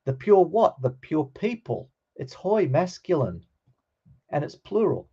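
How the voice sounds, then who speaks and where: A man's voice: a little high, sing-song, a little slow, creaky, warm tone, slightly rough, lo-fi sound. A man teaching a Greek grammar class, explaining patiently and checking in with his students.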